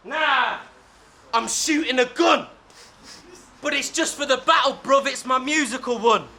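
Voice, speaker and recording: A man spitting a verse in a live rap battle, shouting punchlines and laughing through his bars. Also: extremely high pitch, measured pace. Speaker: battle rapper. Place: battle venue before a live crowd.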